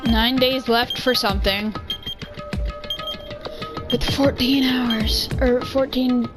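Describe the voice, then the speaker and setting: High-voiced woman reading a game aloud. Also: a little slow. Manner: casual, joking asides. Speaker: let's play narrator. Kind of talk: reading a game's text aloud. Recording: game music behind.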